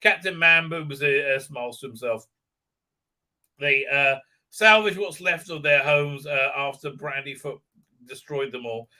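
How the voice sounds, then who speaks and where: Man with a very bright, sharp voice, slightly high, live-stream host doing a rambling, sweary, mocking recap full of stumbling fillers. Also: a little slow. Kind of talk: ranting episode recap.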